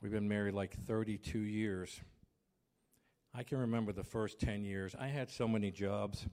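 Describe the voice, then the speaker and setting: His voice lowish and his pace moderate, this pastor in his fifties delivers a sermon. Habitually loud, he performs household arguments through lively storytelling.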